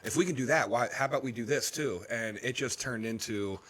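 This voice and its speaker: A man's voice: mid-range voice, a little fast, a bit bright, breathy edge. A man co-hosting a casual podcast, talking in a laid-back, slangy way. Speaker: podcast co-host. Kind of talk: casual chat.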